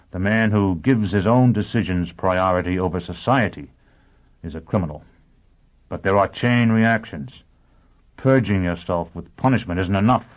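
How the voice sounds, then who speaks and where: A man's voice: deep voice, natural voice. An actor playing a grim, tormented man who confesses his crimes, speaking with intensity. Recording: tinny phone-like band.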